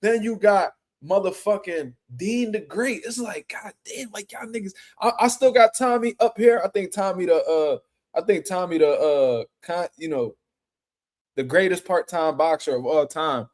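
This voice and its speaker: A high-pitched, slightly mellow male voice at normal speed belongs to a boxing show host. He goes through chat on his casual stream, riffing in foul-mouthed street slang and mimicking people mockingly.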